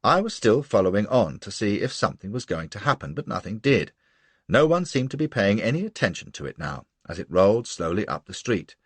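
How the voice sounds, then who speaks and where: A man's voice: low-pitched, breathy edge, no room sound. A man narrating a novel in the first person, with a brash, wry manner. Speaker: audiobook narrator.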